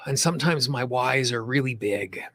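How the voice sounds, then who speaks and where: A man leading a guided tapping session, speaking slow soothing affirmations with chatty asides between them. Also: medium pitch, a bit bright. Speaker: tapping coach.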